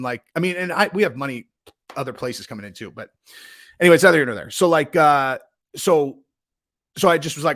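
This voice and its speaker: A man's voice: medium pitch, fairly bright tone. A young man hosting his own vlog, telling a rambling, heated, profane story with lots of fillers. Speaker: channel host. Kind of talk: ranting casual vlog.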